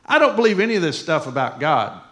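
A man voicing a loud, blunt skeptical woman, with an exaggerated put-on accent. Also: a little high, big pitch swings, quick pace, pitched above the performer's own voice. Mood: pushy.

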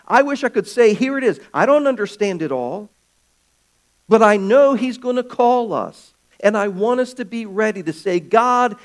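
A high-voiced man preaches a sermon as his church's pastor, swinging between loud calls and hushed, quiet stretches.

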